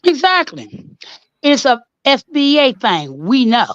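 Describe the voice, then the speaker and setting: A woman's voice: high voice, sing-song, slow, no echo, dull audio. A woman in her sixties calling in to a live stream, cheerful and folksy, laughing easily. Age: 60s. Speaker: caller. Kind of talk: call-in chat.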